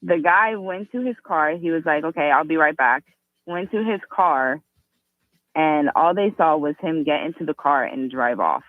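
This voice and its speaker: A woman calling a radio show for the first time, telling a personal story earnestly and quickly. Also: sits low, lively intonation, no echo. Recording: tinny phone line.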